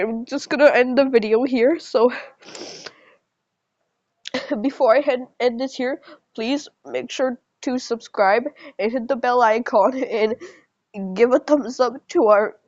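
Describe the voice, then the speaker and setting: A woman vlogger reading a fan scenario aloud and talking to her viewers in a soft, unhurried way. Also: on the high side, no room sound. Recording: slightly dull lo-fi recording.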